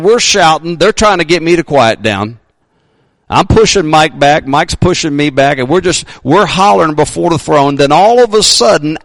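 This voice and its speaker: A male pastor preaching a sermon, emphatic, sometimes shouting his readings, joking about himself. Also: a little high, no echo.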